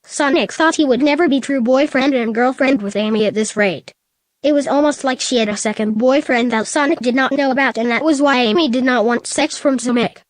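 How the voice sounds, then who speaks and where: A woman's voice: high-pitched, fairly quick, no echo. A synthetic female text-to-speech voice narrating a silly storybook tale.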